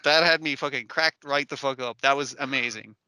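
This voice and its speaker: Bright-voiced, profane male podcast host. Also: medium pitch, smooth, no room sound. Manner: profane, animated, acts out characters in quick asides. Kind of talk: casual chat recapping an anime.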